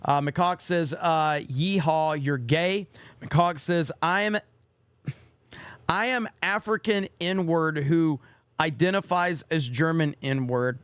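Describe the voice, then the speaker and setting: A hoarse man hosting a live stream, casually reading viewer messages aloud with quick rambling asides. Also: on the high side, fairly bright tone, no room sound. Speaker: livestream host.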